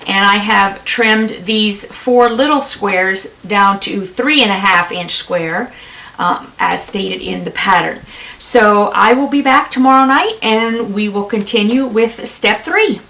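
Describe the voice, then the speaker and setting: A woman's voice: medium pitch, takes it slowly, creaky, bright, forceful tone, far from the mic. A middle-aged woman chatting through a quilting sew-along, talking casually with lots of ums and laughing at herself. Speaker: quilting vlogger. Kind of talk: casual sewing tutorial chat.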